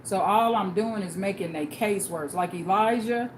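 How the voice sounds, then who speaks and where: A woman's voice: mid-range voice, moderate pace. Blunt woman storytelling in an echoey room. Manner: blunt, animated storyteller who acts out quoted people. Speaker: livestream host. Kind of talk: casual storytelling on a livestream. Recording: echoey room with background noise.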